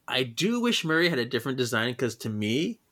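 A man's voice: mid-range voice, a bit bright. Male podcast host, casual and giggly, mid-range voice. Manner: chatty, laughs often, leads the segments. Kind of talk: casual chat.

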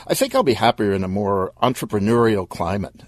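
A man's voice: lowish voice, very animated, brisk, no echo. A man voicing a laid-back young gamer in an audio story, casual and offhand. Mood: breezy.

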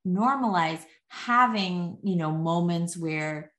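A woman's voice: fairly low pitch, slow pace, fairly bright tone. Chatty woman, roomy echo. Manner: chatty, many "like" fillers, laughs lightly. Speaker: podcast guest. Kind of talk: casual conversation. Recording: echoey room.

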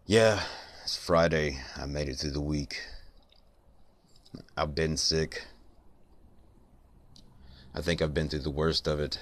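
A man, hoarse and congested from being sick, rambling reflectively in a late-night solo podcast. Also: extremely low pitch, fairly even intonation, slow pace, pauses often. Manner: rambling, reflective, many fillers. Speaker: podcast host.

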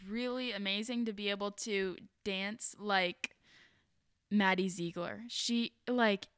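A young woman co-hosting a podcast, chatty and giggly, talking in quick bursts. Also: medium pitch, steady tone, fairly bright tone, clean tone, no echo, studio quality. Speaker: podcast co-host. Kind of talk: casual chat.

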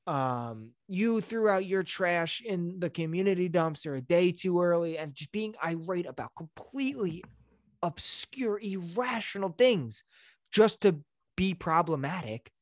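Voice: mid-range voice, animated, dry recording, studio quality. A podcast co-host chatting casually, joking and stumbling through fillers. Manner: joking, halting with many fillers. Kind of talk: casual chat.

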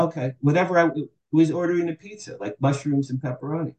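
Man in his sixties, dark and echoey. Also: medium pitch, fast, hardly any pauses, dull audio. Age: 60s. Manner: animated, acts out quoted dialogue. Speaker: podcast guest. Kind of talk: candid storytelling interview.

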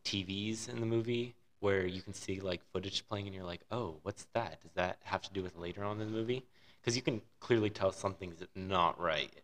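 Male podcast co-host, low-pitched, loose enthusiastic film chat. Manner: rambling, enthusiastic opinions. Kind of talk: casual film review chat.

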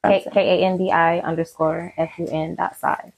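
Laid-back woman guest, low husky voice, easygoing chat. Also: poor audio. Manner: relaxed, laid-back, drawn-out speech. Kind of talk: casual chat interview.

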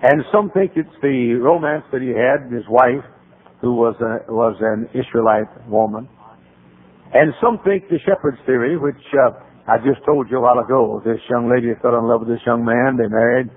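A man's voice: medium pitch, normal speed, husky. A man preaching a sermon as pastor, telling folksy stories and building to emphatic appeals. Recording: tinny phone-like old radio broadcast.

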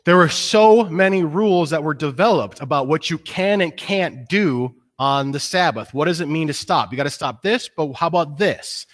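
A man's voice: fairly high pitch, moderate pace, few pauses. A man preaching a sermon, retelling a story in a casual, conversational way and acting out the people's lines. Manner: animated storytelling, acts out quoted voices. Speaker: pastor.

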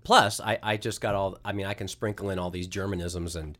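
A man's voice: deep voice, steady tone, a little fast, fairly bright tone. Rambling male voice actor telling stories. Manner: rambling, many restarts, laughs at own stories. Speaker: guest voice actor. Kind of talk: casual podcast interview.

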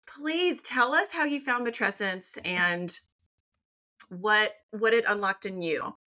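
A woman's voice: mid-range voice, slow pace, bright, forceful tone. A woman hosting a podcast interview, effusive and enthusiastic. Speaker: podcast host.

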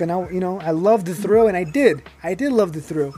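A man's voice: sits high, expressive, a little fast, few pauses, a little mellow, faint music behind. A young man telling his own life story in casual, rambling talk, full of fillers and restarts, growing heated as he goes.

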